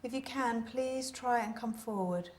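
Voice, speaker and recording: A woman's voice: a little high, measured pace, darkish tone. Pleading woman leading a séance. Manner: coaxing, pleading, easily startled. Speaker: séance leader. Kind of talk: paranormal investigation.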